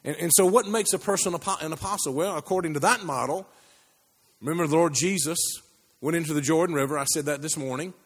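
A man preaching a sermon, telling a story with many restarts and climbing pitch as he builds. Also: fast talker, breathy edge. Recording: long hall reverb.

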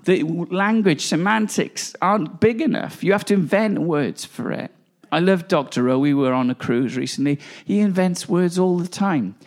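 A man's voice: high voice, normal speed. A man preaching a charismatic sermon, exuberant and emphatic, often laughing as he talks.

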